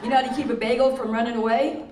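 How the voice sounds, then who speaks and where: Older amateur stand-up, nervous and self-mocking, mid pitch, echoey hall sound from a distant mic. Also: fairly even intonation, rapid-fire, noisy background. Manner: self-deprecating, admits nerves, laughs at own punchlines. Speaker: talent show contestant. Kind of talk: stand-up joke telling. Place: senior center hall.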